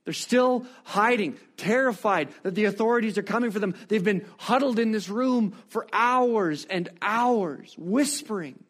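A man preaching a sermon, reading scripture and reflecting on it with expressive, rising rhetorical questions. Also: high voice, unhurried, few pauses.

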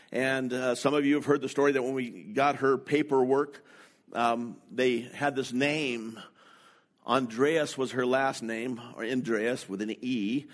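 Middle-aged male pastor, sermon delivery, deliberate pace, anecdotal, plain mid-range voice. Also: mid-range voice. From North America. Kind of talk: sermon storytelling.

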